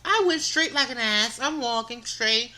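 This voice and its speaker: A woman's voice: on the high side, a little slow. A young woman, animatedly telling an exasperated comic story on a podcast. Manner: animated, exasperated, repeats words for comic effect. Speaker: podcast co-host. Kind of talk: casual storytelling.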